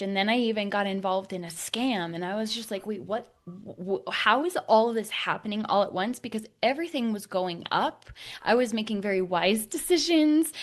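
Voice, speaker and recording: Rambling woman podcast host telling her story. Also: medium pitch. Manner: rambling, many restarts and "like", drops to a hush at dark moments.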